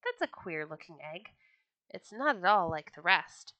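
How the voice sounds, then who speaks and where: Storybook mother duck, fussy and motherly, read by a woman, bright and dry. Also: lowish voice, big pitch swings, a little slow, no room sound, highs cut off, heavily acted.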